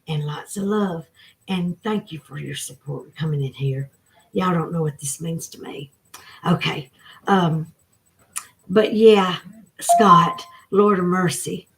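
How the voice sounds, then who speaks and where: A woman's voice: lowish voice, takes it slowly. A woman with a Southern American accent, in her forties or older, hosting a casual livestream and talking to viewers by name in a folksy, emotional way. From Southern United States. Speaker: livestream host. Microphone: phone.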